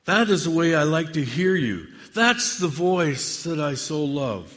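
A man preaching a dramatic sermon monologue addressed to God, with measured, theatrical delivery and long pauses. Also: on the high side, very animated, fairly bright tone, big-room sound.

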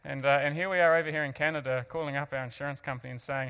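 New Zealand-accented man, fairly high voice, earnest speaker with self-deprecating humor, heard in a reverberant hall. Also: steady tone, rapid-fire, few pauses, fairly bright tone, smooth. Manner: earnest, self-mocking asides, frequent restarts. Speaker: guest speaker. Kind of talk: personal testimony to an audience.

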